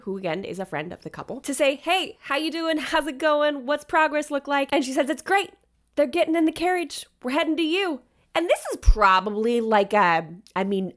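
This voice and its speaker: A woman wedding planner telling a story to camera in a chatty, animated vlog style with lots of asides. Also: sits high.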